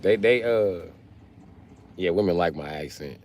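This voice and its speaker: A man's voice: deep voice, animated, measured pace. A man from Chicago hosting a casual livestream, answering his viewers with blunt, profane, joking banter. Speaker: livestream host.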